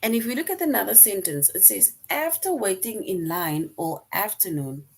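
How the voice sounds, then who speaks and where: A woman's voice: mid-range voice, animated, normal speed, creaky, hardly any pauses, breathy edge, low-quality recording. A woman teaching a recorded grammar lesson, explaining step by step, repeating her example sentences and often checking in with "right?".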